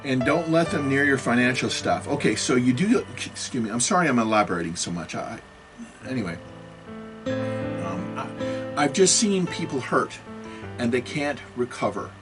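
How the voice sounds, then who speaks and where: A man's voice: mid-range voice, expressive, moderate pace. A man giving a self-made talk on computer security, agitated and apologetic, with frequent restarts, over faint music.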